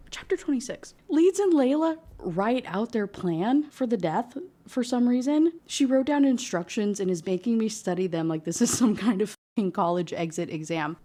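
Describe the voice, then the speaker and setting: A woman's voice: on the high side, animated, warm tone. A young woman ranting through a book review, reading passages aloud and breaking off with sarcastic, incredulous asides. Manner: sarcastic, incredulous, quick to laugh.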